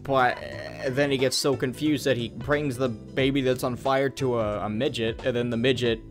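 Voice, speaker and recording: A man's voice: mid-range voice, fairly even intonation, moderate pace, music in the background. A young man recapping a film as a rambling, crude comedic parody, slipping in silly voices. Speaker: guest reviewer.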